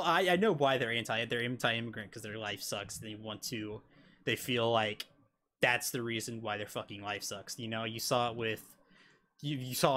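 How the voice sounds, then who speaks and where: A man's voice: mid-range voice, a bit bright, a little hiss or hum. An American man giving casual reaction commentary, rambling with lots of swearing and filler words. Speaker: reaction video host.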